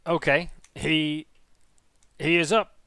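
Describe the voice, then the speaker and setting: A man voicing a wary male kobold guard who shouts, stammers and sounds suspicious. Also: on the high side, steady tone, slow, smooth, no room sound, voice pushed up, full character voice. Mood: scheming.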